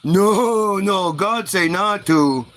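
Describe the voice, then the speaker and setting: A man putting on a dim, childlike first man who mangles his grammar and drags out his words. He talks in a high, bright voice. His pleading comes out slow and simple. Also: full character voice. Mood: dopey. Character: dim-witted caveman-talking Adam, male adult.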